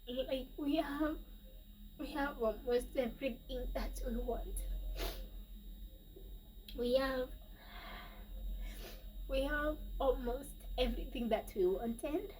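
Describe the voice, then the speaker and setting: Slow, emotional Kenyan woman. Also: sits high, a little mellow. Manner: emotional, halting, with sighs and pauses. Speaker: vlogger. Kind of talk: personal storytelling. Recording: distant mic, faint background noise.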